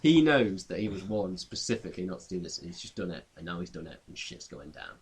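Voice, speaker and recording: A man's voice: deep voice, very animated, quick pace, husky. A man co-hosting a podcast, improvising a silly comic story with giggles and mouth sound effects. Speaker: podcast co-host.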